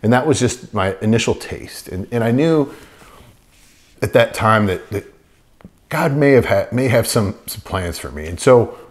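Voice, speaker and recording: A man's voice: lowish voice, lively intonation, a little slow. A man sharing a personal faith testimony in an earnest, rambling storytelling way, full of fillers and restarts. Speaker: testimony speaker.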